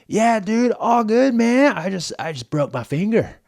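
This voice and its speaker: A man's voice: high-pitched, sing-song, unhurried, vocal fry, a little mellow, voice pushed up, heavily acted. A man voicing a laid-back young surfer dude with a Californian accent, drawling and slangy. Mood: breezy.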